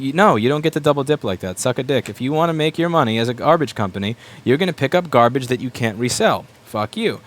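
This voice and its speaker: A repair shop owner ranting bluntly and with plenty of swearing as he works at his bench. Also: medium pitch. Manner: blunt and sweary, with quick mocking asides. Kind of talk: profane ranting while working.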